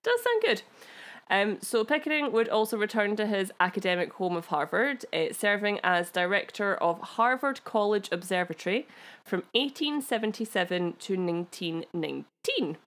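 A woman's voice: medium pitch, very animated, moderate pace, fairly bright tone. A Scottish woman co-hosting a podcast, chatting casually and telling a history story with giggly, self-deprecating asides. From Scotland. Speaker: podcast co-host.

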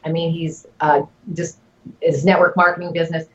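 A woman's voice: low-pitched, level tone, moderate pace, lo-fi sound. A middle-aged woman giving advice as an interview guest, talking earnestly with lots of fillers. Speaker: guest, network marketing leader. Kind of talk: casual interview talk.

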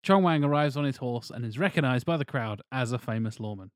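A man's voice: mid-range voice, lively intonation, fairly quick, dry recording, studio quality. A man co-hosting a casual podcast, reading a plot aloud with wry, teasing asides. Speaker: podcast co-host. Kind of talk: casual chat.

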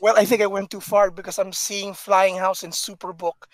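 A man co-hosting a casual chat, animated, laughing often and talking with plenty of fillers and restarts. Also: high voice, normal speed, dry recording. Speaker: podcast co-host.

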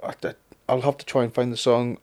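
A man with a voice of middling pitch, talking in easy, laid-back podcast banter. He rambles a little as he recalls things, laughs often and swears casually. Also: little pitch movement, a little fast, a little mellow. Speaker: podcast co-host. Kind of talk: casual chat.

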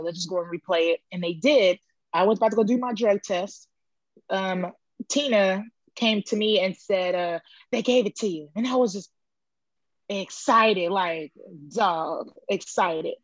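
A woman powerlifter being interviewed, telling her competition story in a casual, animated way and acting out what people said. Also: no echo, dull audio. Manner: animated storytelling, acts out quotes with high pitch jumps. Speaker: powerlifter guest.

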